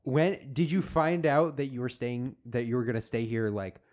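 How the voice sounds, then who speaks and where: A young man co-hosting a podcast in casual chat, making quick asides and questioning the guest. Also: mid-range voice, darkish tone. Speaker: podcast co-host. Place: small studio booth.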